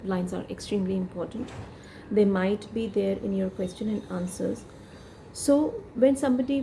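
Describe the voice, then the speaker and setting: Woman, fast-talking English teacher. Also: medium pitch, a little hiss or hum, low-quality recording. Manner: slow expressive reading of passages, then rapid Hindi-English explanation. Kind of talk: explaining a story to students.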